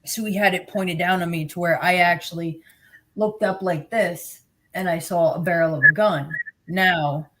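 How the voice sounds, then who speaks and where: A woman's voice: deep voice, a bit bright. A middle-aged woman from New Jersey with a Jersey accent, bluntly and sarcastically telling her own story as a guest. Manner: blunt, sarcastic, plain-spoken. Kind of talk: personal storytelling.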